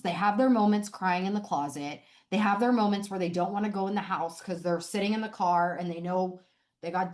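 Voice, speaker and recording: A woman hosting a podcast, asking questions in a relatable, conversational way. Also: fairly low pitch. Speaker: podcast host. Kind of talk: podcast interview.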